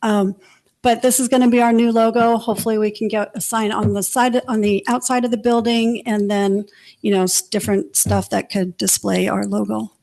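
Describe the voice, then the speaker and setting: A woman's voice: medium pitch, flat delivery, normal speed, gravelly, a little mellow. A woman giving an informal presentation about a community event at a council meeting, with many fillers. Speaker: youth center presenter. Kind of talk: casual presentation. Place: council chamber.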